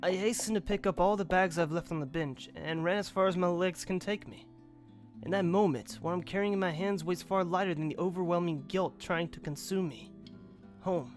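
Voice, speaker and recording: A man's voice: high voice, moderate pace. A young man with a slightly raised voice reads a game's story aloud, then chats casually and swears freely. Faint music sits behind him. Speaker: let's play host. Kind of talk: reading a visual novel aloud.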